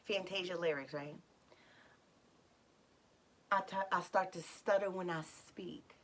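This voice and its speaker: With a fairly low pitch and an unhurried pace, a woman recounts something that happened to her, chatting casually to her viewers and performing the quoted dialogue.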